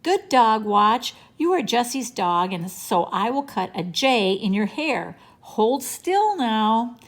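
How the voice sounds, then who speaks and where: A woman's voice: on the high side, sing-song, takes it slowly, voice pushed up. A woman reading aloud and voicing a small, eager boy who begs and plays. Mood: cheerful. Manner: pleading, childlike.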